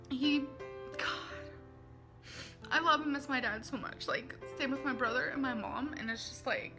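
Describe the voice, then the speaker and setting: A woman's voice: sits high, normal speed, over music. A woman in a confessional vlog, earnest and emotional, reading out messages and talking them through. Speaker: vlogger.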